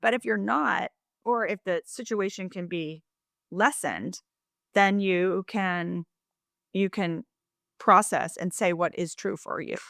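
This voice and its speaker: A woman's voice: mid-range voice, takes it slowly, creaky, dry recording, clean studio sound. A woman co-hosting a podcast in casual chat, talking at length with restarts and acting out quoted phrases. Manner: animated, acts out quoted phrases in shifting voices; talkative, frequent restarts and asides. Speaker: podcast co-host.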